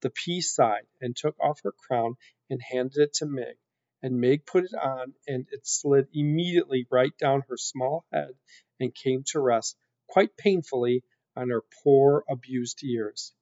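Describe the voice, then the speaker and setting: A man reading a children's book aloud in an expressive, unhurried storytelling manner. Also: mid-range voice, no echo. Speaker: story reader. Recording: dull lo-fi recording.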